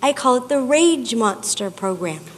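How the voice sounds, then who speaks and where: A woman giving an expressive, storytelling talk to an audience, drawing out her emphasis. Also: a little high, a little slow, slight background noise. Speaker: speaker. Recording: long hall reverb.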